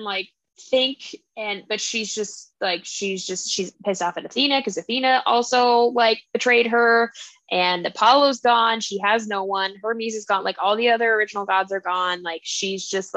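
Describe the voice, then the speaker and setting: A woman co-hosting a casual book club podcast, retelling a story in an animated way with lots of fillers. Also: medium pitch, no room sound. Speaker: podcast co-host.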